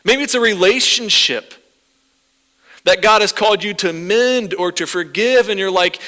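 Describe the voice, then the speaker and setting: A male pastor preaching a sermon in a church, animated, his voice rising as he acts out people's prayers. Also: sits high, moderate pace. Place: church sanctuary. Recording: reverberant church hall.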